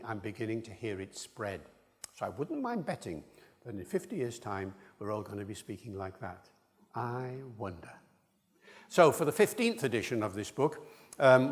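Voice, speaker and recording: Man, public lecture, mid-pitched, demonstrative, long hall reverb. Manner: demonstrative, illustrates points by acting out speech rhythms.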